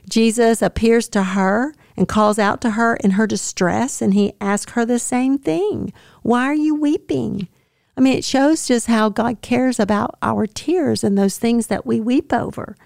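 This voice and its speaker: A woman hosting a devotional podcast, reflecting earnestly and tenderly on scripture, with soft laughs now and then. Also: medium pitch, gravelly, clean tone, no echo, studio quality. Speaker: podcast host.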